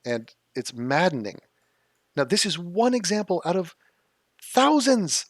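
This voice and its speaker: A man's voice: high voice, sing-song, measured pace, dry recording, studio quality. A man hosting a reaction commentary, ranting in a sarcastic, mocking and exasperated way. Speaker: political commentary host. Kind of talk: reaction commentary on a debate clip.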